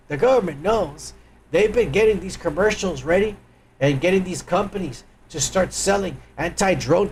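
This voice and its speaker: Gravelly, high-voiced man ranting on stream. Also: slight background noise. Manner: crude, loud, mocking, addresses viewers directly. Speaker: livestream host. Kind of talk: casual profane commentary on clips.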